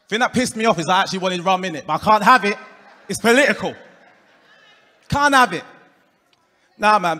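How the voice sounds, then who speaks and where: On a comedy club stage before a live audience, a stand-up comedian from England with an Essex accent and a high, bright voice delivers his set briskly, pausing often. He lands deadpan punchlines, does crowd work and puts on voices for people he quotes, all under a long, roomy reverb.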